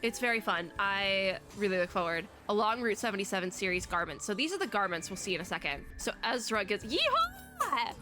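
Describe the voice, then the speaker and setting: A young woman streamer giving casual, excitable reaction commentary, gushing with quick asides. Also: medium pitch, music in the background. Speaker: VTuber streamer.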